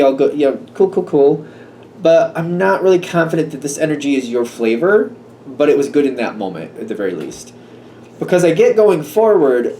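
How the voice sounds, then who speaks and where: Fairly high in pitch yet dark in tone, a guy casually talks through a tarot reading. His delivery is musing and unsure, packed with fillers and restarts, and faint room noise comes through the slightly distant mic.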